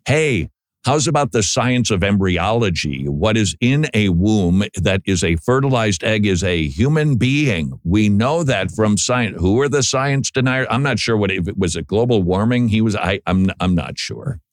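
Low-voiced guy doing sarcastic commentary, dry close sound, stumbles when he reacts. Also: animated, normal speed, dry recording. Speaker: commentary host. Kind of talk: political commentary monologue.

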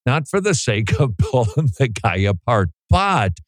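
A man's voice: mid-range voice, sing-song, unhurried, dry recording. A man hosting a radio program, talking in a casual, joking way and laughing often. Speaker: radio host.

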